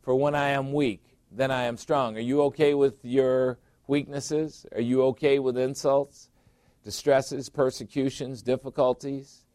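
A man's voice: medium pitch, little pitch movement, measured pace, a little mellow, no room sound, studio quality. A middle-aged man preaching a sermon as pastor, emphatic, repeating phrases and putting questions to his listeners.

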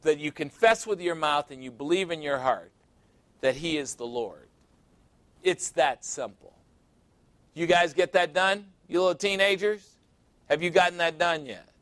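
A man's voice: a little high, a bit bright, no echo. A man preaching a sermon verse by verse, conversational and teasing, asking his listeners questions. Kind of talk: sermon, verse-by-verse Bible teaching.

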